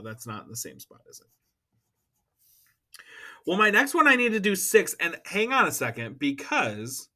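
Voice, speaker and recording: A man's voice: fairly high pitch, bright, forceful tone. A man teaching a math lesson, upbeat and chatty, checking in with students as he works through problems. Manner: upbeat, talks to students, checks with "all right?".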